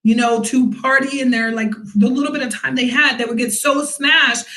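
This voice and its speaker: A young woman vlogs in a high, bright voice, telling a story casually. She acts out quotes loudly and laughs often. The sound bounces around an echoey room. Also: steady tone, moderate pace. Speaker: vlogger.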